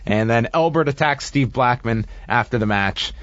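A man's voice: mid-range voice, normal speed, a bit bright, dry recording, highs cut off. A man co-hosting a podcast, giving a casual play-by-play recap of wrestling matches with dry, sardonic asides. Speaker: podcast co-host reviewing wrestling.

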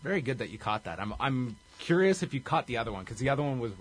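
A man's voice: medium pitch, sing-song, fast talker, slight background noise. A man hosting a casual chat, recapping events in detail. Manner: recaps events in detail, briefly acts out quotes. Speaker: podcast host.

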